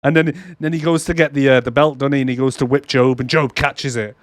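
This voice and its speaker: A man's voice: mid-range voice, steady tone, a little fast, no room sound, clean studio sound. A young man co-hosting a movie podcast, swearing a lot and laughing often as he retells scenes and mocks the lines in put-on voices. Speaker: podcast co-host. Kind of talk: casual movie recap chat.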